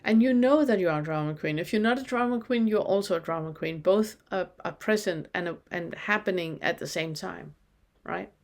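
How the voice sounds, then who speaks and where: A woman giving a spoken spiritual lesson in a calm, reflective way, posing many rhetorical questions to the listener. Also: lowish voice, normal speed. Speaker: spiritual teacher.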